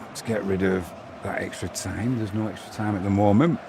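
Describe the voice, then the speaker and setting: A middle-aged Englishman streams a live match, bantering with viewers, reading their messages aloud and commenting on the action. His lowish voice is steady and brisk, set against a noisy background.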